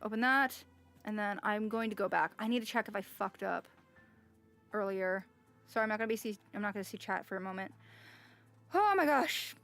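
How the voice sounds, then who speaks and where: A woman's voice: medium pitch, fairly even intonation, a little fast, a bit bright. A woman streaming a game, reading its text aloud and chatting casually, with frequent sighs and exclamations. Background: faint music.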